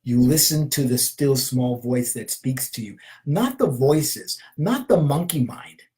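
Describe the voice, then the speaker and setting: A shamanic healer in his fifties with a mid-range, expressive voice gives a spiritual motivational talk at a measured pace. He repeats searching questions, marks them with a soft "aho", and moves between whispers and passionate, emphatic affirmations, captured in a low-quality recording.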